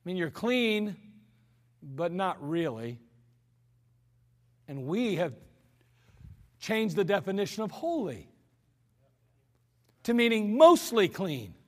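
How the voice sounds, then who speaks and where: This archived church service, heavy with long hall reverb, features a pastor preaching in the sanctuary. His voice is high-pitched with big pitch swings, and he speaks slowly, pausing often, in an earnest, conversational sermon with humorous asides.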